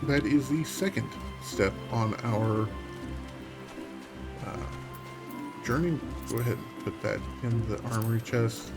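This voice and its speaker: A male game streamer talking through his play in a relaxed, wry way, often half to himself. His voice sits at a middling pitch, with faint game music playing behind him. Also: slow, long pauses. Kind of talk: casual gameplay commentary.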